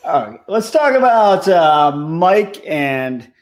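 A man co-hosting a podcast who keeps moving the conversation along. He sounds chatty and loose, with a high voice that rises and falls a lot. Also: big pitch swings, takes it slowly. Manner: steers the topics, chatty with fillers. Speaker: podcast co-host. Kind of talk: casual chat.

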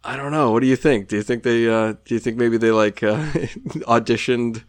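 A man's voice: medium pitch, steady tone, a little fast, dry recording. A man co-hosting a podcast in casual chat, rambling and laughing often as he sips a drink. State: drinking while talking. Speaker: podcast co-host.

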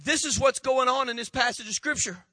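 High bright folksy pastor. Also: male voice, a little fast, no room sound. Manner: folksy, storytelling preacher calling for congregation response. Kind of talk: sermon.

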